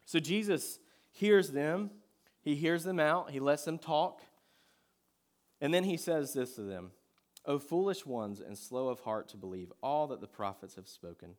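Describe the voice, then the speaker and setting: A man preaching a sermon in a conversational way, moving between loud emphatic points and quiet scripture reading. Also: fairly high pitch, lively intonation, unhurried. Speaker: pastor.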